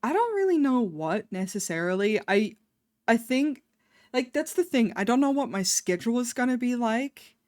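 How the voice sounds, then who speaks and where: Woman streamer, mid pitch, rambling casual chat, dry close-miked sound. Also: no echo. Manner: chatty, rambling, swears casually.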